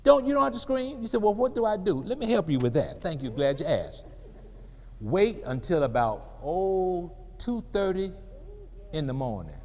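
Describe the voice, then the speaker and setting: A man's voice: fairly high pitch, normal speed. A man giving a humorous, preacher-like motivational talk to parents, calling out to the crowd. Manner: humorous, animated, call-and-response. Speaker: parenting speaker at a family expo. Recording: reverberant hall.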